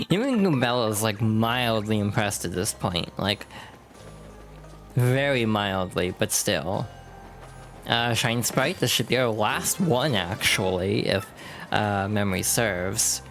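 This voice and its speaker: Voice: medium pitch, animated, slow, a bit bright. Chatty game streamer, casual and self-correcting, desk mic, faint music bed. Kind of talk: casual let's-play commentary.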